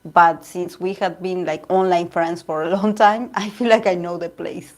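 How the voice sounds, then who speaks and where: A tarot reader and channel host from Argentina, a native Spanish speaker with an Argentine accent, chats casually with viewers on her livestream. Her lowish, darkish voice keeps a fairly even intonation at normal speed, and she rambles with frequent laughs and restarts.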